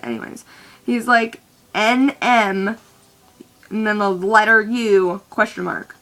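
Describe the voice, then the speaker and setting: Young woman ranting to camera, kinda high voice with lots of vocal fry, swears a lot and keeps restarting. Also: fairly even intonation, measured pace, fairly bright tone. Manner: rambling and profane, with many restarts. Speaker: vlogger. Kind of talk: casual venting monologue.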